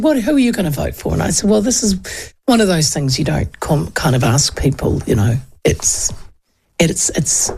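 Kiwi lady in her 50s doing talk radio, bit of gravel in the voice, rambly and chatty. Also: on the low side, a little mellow. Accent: New Zealand. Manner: chatty, digressive, acts out quoted talk.

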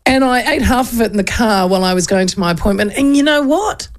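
A middle-aged New Zealand woman hosting a radio show, telling a story in a chatty, animated way with frequent laughs. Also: fairly high pitch, quick pace. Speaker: radio host. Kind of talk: casual storytelling chat.

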